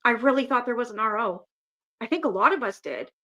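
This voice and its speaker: A woman's voice: a little high, lively intonation, a little fast, a bit bright, poor audio. A woman hosting a casual livestream, talking bluntly and profanely and owning up to her mistakes. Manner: blunt, profane, self-critical. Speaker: livestream host.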